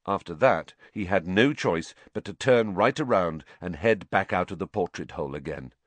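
A man narrating an audiobook in an expressive storytelling manner. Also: low-pitched, normal speed, dry recording. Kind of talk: scripted narration.

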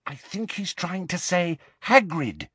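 A man voicing a terrified young girl, high and shaky. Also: very animated, slow pace, a bit bright, slightly rough, no room sound, exaggerated voice. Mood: frightened. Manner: breathless, trembling, high-pitched. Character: frightened teenage schoolgirl witch. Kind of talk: audiobook character voice.

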